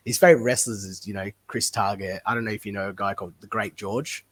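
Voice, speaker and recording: Husky-voiced wrestler, relaxed. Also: male voice, lowish voice, quick pace. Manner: relaxed, rambling, laughs often. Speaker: guest wrestler. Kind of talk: casual podcast interview.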